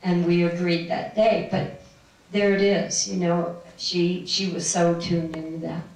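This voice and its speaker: Speaking fairly low in a level, darkish tone and a bit slowly, a middle-aged spiritual speaker shares personal stories with a live audience in a room. Her talk rambles and is full of laughter, and she's far from the mic in a very echoey room.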